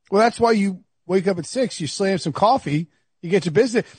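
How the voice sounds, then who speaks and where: A married man hosting a sports podcast, riffing in an animated, exasperated way with stumbles and restarts. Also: high voice, normal speed, breathy edge, no echo. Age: adult, married. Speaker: podcast host. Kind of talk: casual sports podcast chat.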